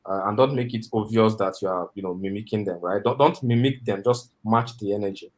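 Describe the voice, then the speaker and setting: A man with a fairly low voice coaches listeners over a video call microphone. He rambles, leans on fillers like "you know", and keeps checking for agreement. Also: fairly quick, darkish tone. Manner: rambling, filler-heavy, often asks for agreement. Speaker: mentor teaching interview skills. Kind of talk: instructional talk on a video call.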